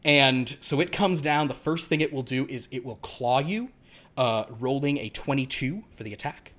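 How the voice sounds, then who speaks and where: A man at a middle pitch, narrating a horror tabletop game as game master. His delivery rambles, with many fillers and restarts. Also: lively intonation, moderate pace, a bit bright.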